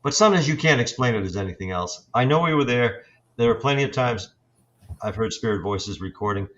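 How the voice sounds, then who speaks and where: Older man telling ghost stories, halting. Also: medium pitch, expressive, a bit bright, lo-fi sound. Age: 60s. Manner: halting, reflective, with many fillers and restarts. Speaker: paranormal investigator guest. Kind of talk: storytelling in an interview.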